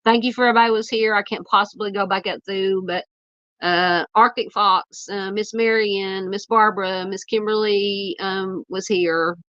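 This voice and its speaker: A woman's voice: medium pitch, steady tone, moderate pace, a bit bright, no room sound. Southern woman, scratchy nasal voice, rambling livestream host, dry lo-fi mic. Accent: Southern American. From Southern United States. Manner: rambling, filler-heavy, thanking viewers. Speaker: true crime live stream host. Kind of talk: casual live stream sign-off, reading chat.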